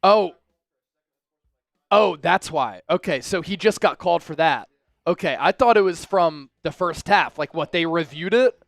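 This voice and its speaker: A man hosting a fan livestream, giving excitable live commentary on the game, shouting at big plays and talking directly to his viewers. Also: a little high, a little slow, gravelly, dry recording. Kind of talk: live watch-along commentary.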